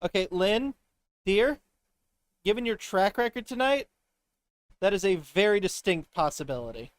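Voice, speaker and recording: A woman's voice: mid-range voice, lively intonation, moderate pace, close to an everyday voice. A woman voicing a sarcastic, dry-witted male ghost in a game. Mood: sardonic.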